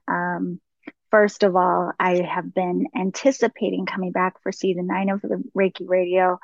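A woman hosting her own spiritual podcast, speaking gently and earnestly, with frequent pauses and ums. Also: fairly low pitch, little pitch movement, no room sound, muffled recording. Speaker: podcast host. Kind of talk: reflective solo podcast talk.

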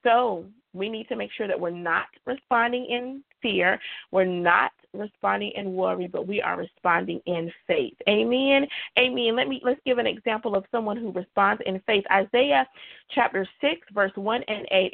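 A woman's voice: mid-range voice, moderate pace, gravelly. A woman preaching a sermon, emphatic, with repeated refrains. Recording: tinny phone-like dry sound.

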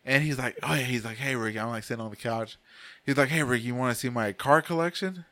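A man's voice: mid-range voice, fast, bright, forceful tone, no echo. A young adult man casually telling a crude story on a podcast, swearing a lot and laughing through it. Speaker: podcast co-host.

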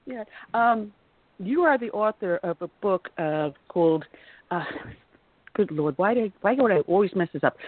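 A woman hosting a talk radio show, chatty and quick to laugh, now and then stumbling over her words while she introduces her guest. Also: medium pitch, animated, no room sound. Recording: tinny phone-like line.

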